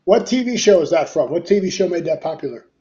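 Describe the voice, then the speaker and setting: A man's voice: on the high side, lively intonation, fast talker, mellow, lo-fi sound. A man co-hosting a casual talk show, teasing his partner with quiz-style banter. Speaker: podcast co-host. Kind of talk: casual chat.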